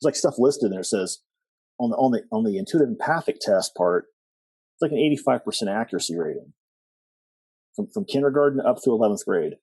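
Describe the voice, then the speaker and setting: Husky low-voiced man telling his story. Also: a little fast, dry recording. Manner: rambling with many fillers and restarts, animated quoting. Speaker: podcast guest. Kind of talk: storytelling interview.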